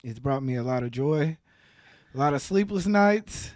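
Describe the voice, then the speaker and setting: Fortyish man; relaxed guest recorded dry and close. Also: mid-range voice, moderate pace, dry recording. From Texas. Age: 40s. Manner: relaxed, laughs easily, talks with fillers. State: slightly hoarse from allergies. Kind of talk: casual interview chat.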